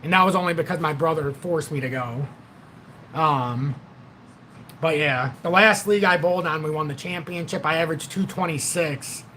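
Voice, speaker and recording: Talking at a normal speed with a sharp tone, a livestream host in his forties rambles bluntly and curses freely in a casual stream. His voice is a little high for a man, with faint hiss beneath it.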